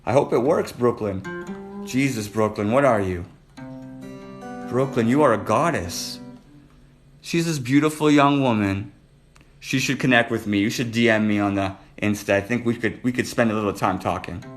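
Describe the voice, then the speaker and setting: A man's voice: medium pitch, normal speed, soft background music. A man hosting a casual live stream, flirting playfully and calling out viewers by name. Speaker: livestream host reading viewer comments.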